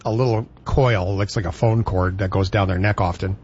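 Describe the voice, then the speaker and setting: A male radio host in casual, playful banter, chatty and quick to laugh. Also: low-pitched, fairly even intonation, a little mellow, breathy edge, dull audio.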